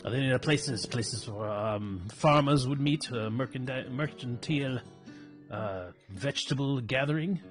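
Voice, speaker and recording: A man's voice: mid-range voice, moderate pace, soft background music. A man playing a tabletop game, speaking in a playful, theatrical way. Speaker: player. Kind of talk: in-character tabletop play.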